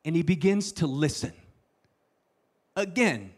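A man preaching a sermon, telling the story with playful asides and sudden hushed lines. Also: fairly high pitch, very animated, normal speed. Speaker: pastor.

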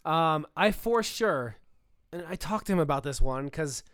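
A man co-hosting a podcast in casual chat, animated and quick to laugh. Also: fairly high pitch, no echo. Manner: animated, laughs often, acts out quoted voices. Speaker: podcast co-host.

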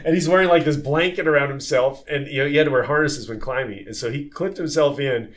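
A man who sailed on tall ships, telling stories in a casual podcast conversation, lively and full of fillers and restarts. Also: mid-range voice, quick pace. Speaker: former tall ship sailor.

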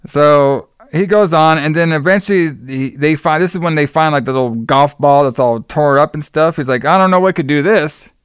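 A young man chats casually on a podcast, recapping a film scene by scene and slipping into the characters' voices as he goes. His voice sounds smooth and clear. The room sounds dry and close. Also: fairly high pitch, normal speed, few pauses, no echo. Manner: animated storytelling, acts out characters' lines. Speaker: podcast co-host recapping a movie. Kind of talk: casual chat.

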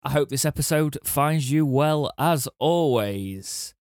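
A man's voice: a little high, animated, takes it slowly, darkish tone, dry recording. Bantering male podcast host, dry sound. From England. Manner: laughs easily, teasing banter. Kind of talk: casual chat.

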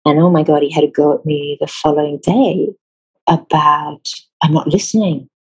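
A woman from Israel with an Israeli accent, a theatre designer telling anecdotes in an interview, animated and laughing often. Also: low-pitched, moderate pace, breathy edge, lo-fi sound. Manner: animated storyteller, laughs often, acts out quotes.

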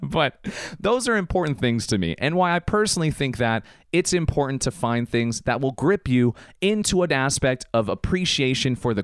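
Man, podcast host, hyped pep talk, higher voice, dry close sound. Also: clear, resonant tone, dry recording. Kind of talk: motivational podcast monologue.

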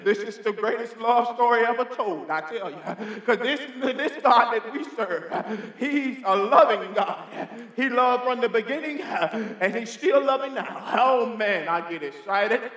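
A man's voice: extremely high pitch, animated, measured pace, hardly any pauses, a bit bright. A man preaching a sermon in a church sanctuary, fervent and emphatic, calling out hallelujah and amen. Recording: reverberant church hall.

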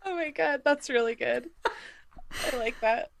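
A woman co-hosting a casual chat podcast, animated and laughing, with lots of "like" in her speech. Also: sits high, slow pace, creaky, very noisy. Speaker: podcast co-host.

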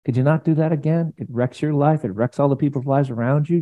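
A male pastor preaching a sermon in an animated, conversational way, acting out quotes as he goes. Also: on the high side, fast, few pauses.

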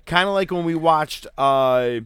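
A man co-hosting a casual podcast, recapping wrestling with animated, mock-dramatic storytelling. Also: fairly high pitch, unhurried, smooth, no room sound, studio quality. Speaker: podcast co-host.

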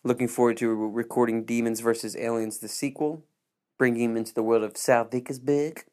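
A man hosting a casual home podcast, rambling relaxed with fillers. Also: mid-range voice, fairly quick. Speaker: podcast host.

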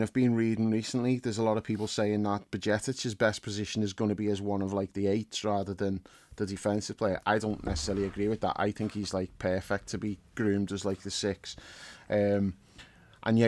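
A man, co-hosting a casual football chat, blunt and sweary, getting loud when he argues a point. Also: fairly low pitch, no echo. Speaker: podcast co-host, football editor.

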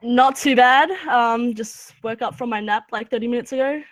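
A woman's voice: fairly high pitch, steady tone, moderate pace. An Australian woman from Victoria chatting as a podcast guest, cheerful and giggly. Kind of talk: casual podcast chat.

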